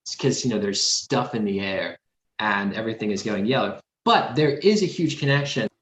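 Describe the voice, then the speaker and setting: A lower-voiced man with a softened Australian city accent explains how light and atmosphere change colour in a painting. He wanders through his answers with ums and restarts. His voice sounds roomy, with a faint hiss behind it. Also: expressive, normal speed. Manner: thoughtful, rambling explanations with fillers. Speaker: guest art instructor. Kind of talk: live painting demo Q&A.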